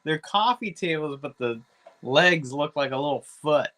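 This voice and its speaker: High-voiced podcast co-host, sarcastic profane jokes, very animated. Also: male voice, moderate pace. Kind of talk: casual banter.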